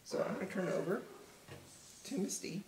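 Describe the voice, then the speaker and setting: A woman's voice: on the low side, expressive, a little fast, gravelly, a little mellow, echoey room, slight background noise, poor audio. A woman teaching a book discussion in an earnest, direct, encouraging way, laughing often, recorded at home. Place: home room.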